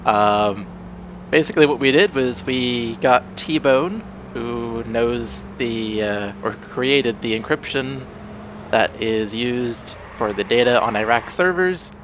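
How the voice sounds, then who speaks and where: A man's voice: mid-range voice, takes it slowly, background noise. A young man commentating a game he is playing, sounding sick and groggy with a morning voice, rambling and correcting himself as he goes. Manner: rambling, self-correcting, easygoing. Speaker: let's play host. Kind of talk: casual gameplay commentary.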